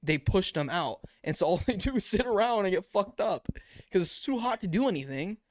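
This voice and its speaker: A young man co-hosting a podcast in casual chat, excitable and quick, dropping "bro" often. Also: sits high, dry recording. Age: young adult. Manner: excitable, says "bro" a lot. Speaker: podcast co-host.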